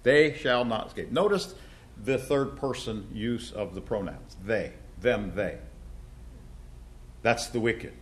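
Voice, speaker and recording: A man teaching a Bible class, talking with many fillers and restarts and slowing down to stress key words. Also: on the low side, animated.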